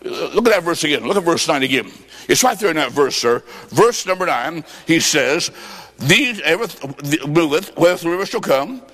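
A man preaching a sermon and telling stories, his voice swelling into sung and shouted rises. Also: fairly high pitch, animated, moderate pace. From Illinois, USA. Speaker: evangelist preacher. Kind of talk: sermon with storytelling. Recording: long hall reverb.

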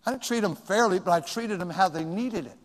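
A middle-aged male pastor preaching a sermon, swinging from loud shouts to hushed asides. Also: sits high, a little fast, long reverb tail.

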